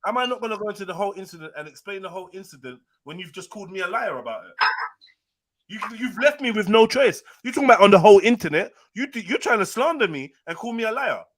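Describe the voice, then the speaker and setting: A man's voice: sits high, lively intonation, fast, a bit bright. A man hosting a live panel, arguing heatedly, talking over the other caller and repeating himself. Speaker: live show host.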